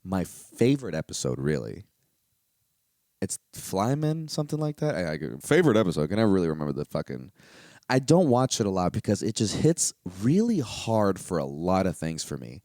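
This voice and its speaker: Young man, low voice, dry close sound, rambling, candid, profane, casual podcast talk. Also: sing-song, a little fast, dark tone, no room sound. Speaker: podcast host. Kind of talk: casual solo podcast monologue.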